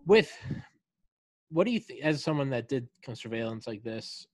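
A man's voice: medium pitch, expressive, normal speed, a little mellow, no echo. A man hosting a podcast interview in casual, joking, profane chat. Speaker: podcast host.

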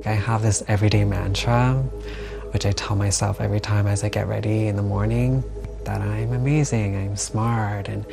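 A person speaking in an interview in a measured, reflective way. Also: mid-range voice, little pitch movement, creaky. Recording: music bed underneath.

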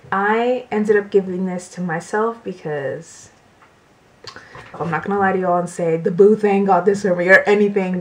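A young woman chats to her camera from her bedroom, unhurried and soft-spoken. She gushes over each item with gasps and little laughs, in a casual vlog tone. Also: mid-range voice. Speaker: beauty vlogger. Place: bedroom at home.

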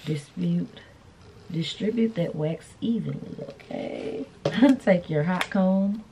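Chatty woman with a lowish voice. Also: slow, warm tone, a little hiss or hum. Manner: chatty, playful, addresses viewers as y'all. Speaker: vlogger. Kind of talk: casual beauty vlog chat. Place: indoors, hotel room.

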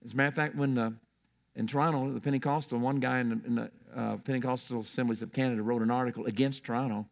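Older male preacher with a gravelly voice, storytelling sermon style, prone to restarts. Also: mid-range voice, steady tone, fast. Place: church.

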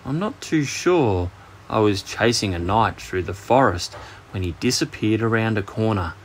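A man's voice: expressive, a little hiss or hum, natural voice. Man doing a sulky, drawling dragon. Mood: embarrassed. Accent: Australian. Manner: slow, sulky, higher-pitched drawl. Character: embarrassed, grumpy male dragon stuck in a closet.

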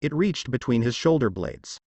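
A man narrating a fan fiction story in an expressive reading. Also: mid-range voice, moderate pace, no room sound. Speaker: story reader.

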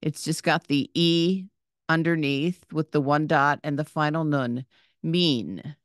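A woman teaches a reading lesson with great patience, sounding out each word, naming its letters and repeating it. Her voice is low and smooth, and she talks very slowly. The sound is dry and close. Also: no echo.

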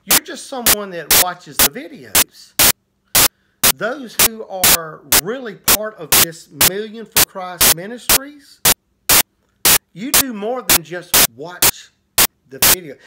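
Brief: male evangelist, slow and earnest, lively pitch, loud static hiss throughout. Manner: earnest, drawn-out preaching with repetitions. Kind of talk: preaching to camera.

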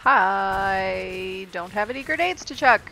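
A woman streaming a co-op game with friends, giggling often and letting out excited yelps. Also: medium pitch, slow pace, soft background music. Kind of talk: casual gaming chat with friends.

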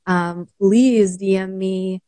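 A Canadian woman coach chatting on a live show, laughing easily and often. Her voice is mellow and relaxed, and the sound is close and dry with no room echo. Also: mid-range voice, takes it slowly. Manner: warm, laughs often, many fillers. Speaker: mental wellness coach. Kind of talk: casual live-stream chat.

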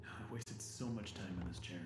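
A tired grown man in a video game speaks softly about his past. His tone is quiet and wistful. He stays plain and matter-of-fact. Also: fairly low pitch, normal speed, husky. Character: weary adult man revisiting his old workplace.

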